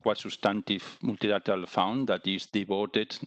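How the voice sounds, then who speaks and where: A man speaking as a panelist in an online discussion, measured and hesitant, with many fillers and restarts. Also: lowish voice, level tone, no room sound.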